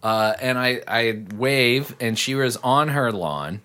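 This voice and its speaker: A man's voice: medium pitch, animated, slow pace, pushed and bright, smooth. A man telling a story in casual chat, rambling with many fillers and lots of swearing.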